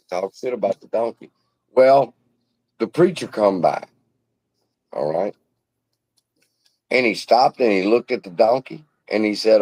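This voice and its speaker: A man's voice: lowish voice, animated, unhurried, long pauses, darkish tone, dry recording, poor audio. A man hosting a casual livestream, telling a folksy parable in a profane, preacherly way from a room at home. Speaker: investing channel host. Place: hot room at home beside air conditioner.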